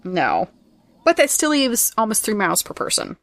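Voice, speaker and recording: A woman hosting a podcast who reads out trivia facts in a brisk, teasing way and laughs often. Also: mid-range voice, huge pitch swings, a bit bright, slight background noise. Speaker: podcast host presenting trivia. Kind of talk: casual trivia chat, reading facts.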